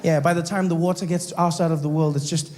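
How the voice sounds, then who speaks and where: A South African man doing stand-up on stage, his voice sitting fairly high for a man. He tells the story with animated disbelief and slips in and out of the characters. A faint hum of the room sits behind him. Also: fast talker. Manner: animated, incredulous, acts out the characters. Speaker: stand-up comedian.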